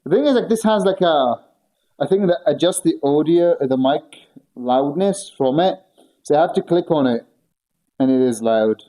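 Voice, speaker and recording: A man's voice: a little high, lively intonation, moderate pace, mellow. A man chatting casually with his viewers during a workout stream, rambling and joking as he goes. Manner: rambling, joking, talking to chat. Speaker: livestreamer. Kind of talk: casual stream chat while working out.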